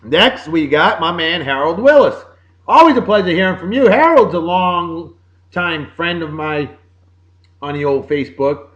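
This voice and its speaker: Upbeat Boston man with lively pitch. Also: a little slow, highs cut off. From Massachusetts. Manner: upbeat, jokey, sing-song greetings. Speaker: podcast host. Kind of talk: casual birthday shout-outs.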